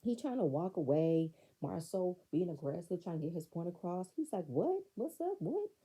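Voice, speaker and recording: A woman recaps a reality show, blunt and sassy, talking back at the screen. Her voice sits low and very dark, with a gravelly, husky edge. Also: moderate pace, low-quality recording. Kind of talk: casual show recap commentary.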